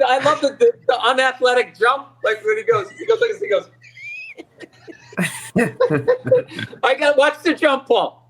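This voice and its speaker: A man's voice: extremely high pitch, husky. A man with a Boston accent, co-hosting a casual sports podcast, telling stories with swearing and laughter. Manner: excitable storytelling, swearing, laughing mid-sentence. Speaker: podcast co-host.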